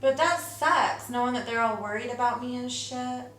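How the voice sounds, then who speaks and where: A woman's voice: fairly high pitch, moderate pace, a bit bright, slight background noise. A woman who runs an escort agency, talking candidly and casually on camera for a documentary, swearing freely as she tells her stories. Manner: casual, profane storytelling. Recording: roomy sound with music behind. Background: music.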